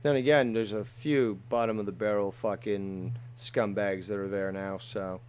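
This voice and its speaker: A man's voice: lowish voice, fairly even intonation, moderate pace, darkish tone, slight background noise. A man co-hosting a livestream over an online call, lecturing and ranting in a contemptuous, profane way. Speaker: co-host.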